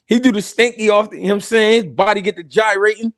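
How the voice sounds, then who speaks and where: Male stream host, high voice, cracks up often, dry close sound. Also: quick pace, no room sound. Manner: animated, laughing, profane banter. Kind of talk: live-stream boxing commentary.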